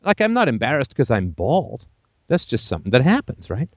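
A man's voice: medium pitch, huge pitch swings, brisk, no room sound, clean studio sound. A man hosting a call-in show, giving blunt, emphatic advice full of profanity and jokey asides.

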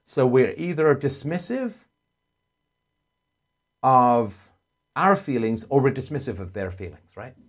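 A man hosting a call-in advice show, earnestly explaining and acting out gentle parent dialogue. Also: mid-range voice, sing-song, slow, pauses often.

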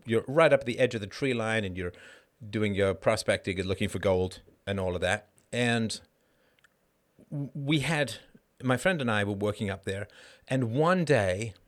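A man hosting a livestream, talking casually and acting out the people in his stories. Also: fairly low pitch. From Canada. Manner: animated storytelling, acts out quoted people. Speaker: livestream host. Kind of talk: casual monologue.

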